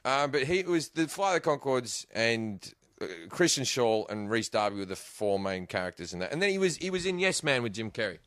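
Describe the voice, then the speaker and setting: Animated Australian man telling stories. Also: medium pitch, brisk, few pauses, no room sound, clean studio sound. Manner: animated storyteller, laughs often, swears freely. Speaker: podcast guest. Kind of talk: casual chat.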